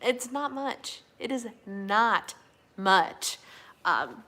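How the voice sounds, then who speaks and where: Bright-voiced woman chatting live with viewers. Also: fairly high pitch, animated, slow pace. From Minnesota, USA. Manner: chatty, fillers and yawning, says y'all. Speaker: livestream host. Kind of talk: casual live chat reading viewer comments.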